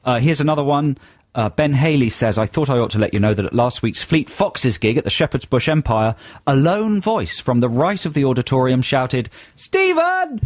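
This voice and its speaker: A man's voice: mid-range voice, fairly quick, dry recording. A man co-hosting a radio show in a studio, chatting playfully and reading out listener emails with a teasing manner. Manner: playful, teasing, lively delivery. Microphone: studio microphone.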